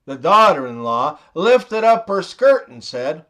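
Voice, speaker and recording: Man, 40s, joke narrator, high voice, lively intonation. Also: measured pace, few pauses. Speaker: joke teller.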